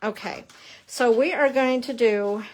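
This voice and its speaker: With a fairly high voice and a slightly slow pace, a middle-aged papercrafting instructor shows her work on a live stream. She's bubbly and chatty, says hello to viewers, and jokes at her own expense.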